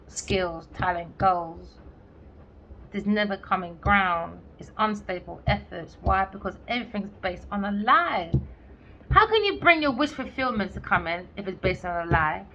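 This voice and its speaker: A woman talks through a tarot reading in a blunt, cheeky way, swearing and slipping into mocking bits of dialogue. Her voice is bright and sharp. The audio is a little dull and lo-fi, with a faint hiss of noise behind her. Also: mid-range voice. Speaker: tarot reader. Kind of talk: casual tarot reading monologue.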